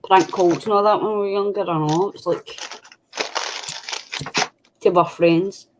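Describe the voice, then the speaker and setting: A woman's voice: mid-range voice, steady tone, measured pace, noisy background. A woman chatting casually on a craft stream over a video call, laughing often. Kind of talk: casual chat.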